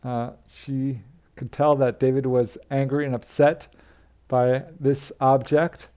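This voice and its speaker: A man telling a witness's UFO encounter in a plain, conversational storytelling way, pausing with the odd filler. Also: mid-range voice, flat delivery, mellow. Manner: plain retelling with fillers, quoting witnesses in his own voice. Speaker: narrator of UFO encounter stories. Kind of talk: storytelling narration.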